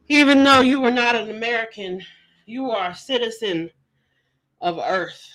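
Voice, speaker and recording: A woman's voice: high voice, moderate pace, pushed and bright, rough recording. A woman streamer giving sassy, teasing casual commentary. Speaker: livestream commentator.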